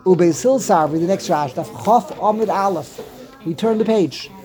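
A man's voice: high-pitched, moderate pace, mellow. A man teaching a casual Talmud lesson, reading passages aloud and translating them with wry asides and chuckles.

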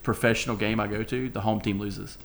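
A man's voice: on the low side, fairly even intonation, a little fast, gravelly. A man hosting a podcast, telling stories in casual, profane chat and laughing often. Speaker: podcast host.

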